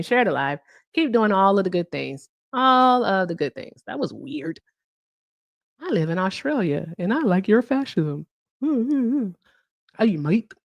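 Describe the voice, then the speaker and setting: A woman's voice: medium pitch, dry recording. Brief: woman livestream host, brash chatter, dry close sound. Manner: brash, chatty, curses freely, hums and sings filler. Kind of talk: casual livestream chat.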